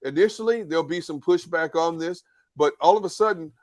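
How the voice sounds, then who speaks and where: A man on a casual sports talk panel, talking in a measured way and often repeating words as he starts a sentence. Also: a little high, no echo, clean studio sound.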